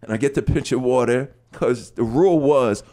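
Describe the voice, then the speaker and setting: A middle-aged man telling a story on a podcast, animated, acting out lyrics and voices as he goes. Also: mid-range voice, a little fast. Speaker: guest storyteller.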